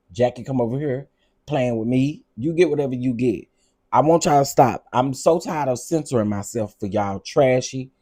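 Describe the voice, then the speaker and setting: Exasperated man ranting on his vlog. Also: mid-range voice. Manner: animated, repetitive, exasperated. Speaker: vlog host.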